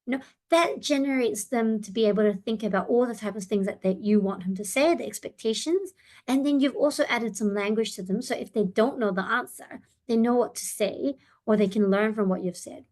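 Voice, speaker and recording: A woman's voice: a little high, a little mellow. A woman therapist leading a parent seminar, talking it through with many ums and you-knows. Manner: friendly, thinking aloud with many fillers. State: voice breaking slightly. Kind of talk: online seminar presentation.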